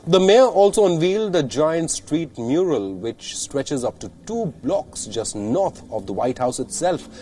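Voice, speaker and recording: A man reading a scripted news report in a steady, measured newsreader delivery. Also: fairly high pitch, breathy edge.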